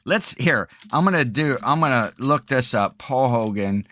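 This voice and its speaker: A man's voice: medium pitch, lively intonation, moderate pace, fairly bright tone. A middle-aged man co-hosting a podcast in casual chat, rambling, self-correcting and laughing often. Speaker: podcast co-host.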